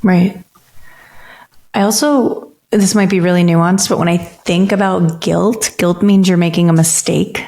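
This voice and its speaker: A woman's voice: lowish voice, steady tone, a little slow, mellow. A woman therapist co-hosting a podcast, talking candidly and reflectively in long stretches. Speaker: therapist co-host. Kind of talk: casual podcast chat.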